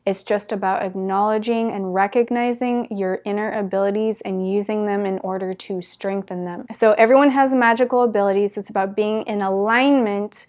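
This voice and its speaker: A woman's voice: mid-range voice, steady tone, moderate pace, few pauses, darkish tone. A woman giving a spiritual talk to her viewers, telling it in an earnest, gushing way with many "like" fillers. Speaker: spiritual teacher.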